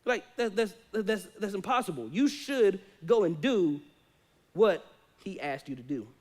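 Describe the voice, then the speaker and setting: A man preaching a sermon in a church, telling a Bible story with animated, acted-out dialogue. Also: high-pitched. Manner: animated storytelling, acting out quoted voices. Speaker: pastor. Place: church sanctuary.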